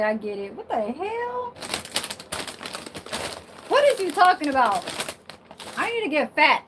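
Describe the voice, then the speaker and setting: A woman's voice: high-pitched, a bit bright, a little hiss or hum, rough recording. A woman vlogger chatting casually to her viewers from her bedroom, sassy and blunt, swearing freely and laughing often.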